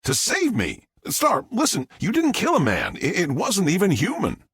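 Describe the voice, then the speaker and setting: A man voicing a steady, protective young man who speaks in a low-key, reassuring way. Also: moderate pace, husky, dry recording, clean studio sound.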